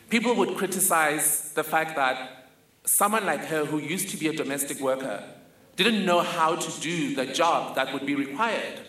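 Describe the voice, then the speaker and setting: A man's voice: fairly high pitch, sharp tone, slight background noise. A young man telling a wry, vivid personal story on stage. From South Africa. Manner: vivid, wry, self-mocking. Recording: echoey hall, faint ambience.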